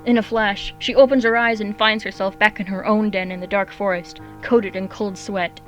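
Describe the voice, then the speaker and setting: A woman reading her own story aloud as a steady, clear narrator. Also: mid-range voice, moderate pace, faint music behind.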